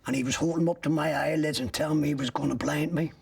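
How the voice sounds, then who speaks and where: Gravelly older man, heard from a distance. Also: fairly high pitch, fairly even intonation, fast, a little mellow, dry recording. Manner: blunt, graphic storytelling with swearing. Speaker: interviewee. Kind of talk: recounting a personal ordeal.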